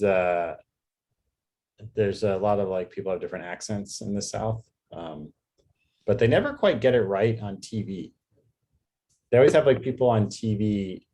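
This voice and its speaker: A man from New York doing a rambling stand-up set over a video call, halting with many fillers and restarts. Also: lowish voice, mellow. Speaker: stand-up comedian.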